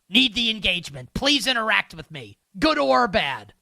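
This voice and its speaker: Young male sports-betting host, rambling sarcastic commentary, bright tone, dry booth sound. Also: high-pitched, big pitch swings, normal speed, gravelly, hardly any pauses, dry recording. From northern United States. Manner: rambling, filler-heavy, sarcastic.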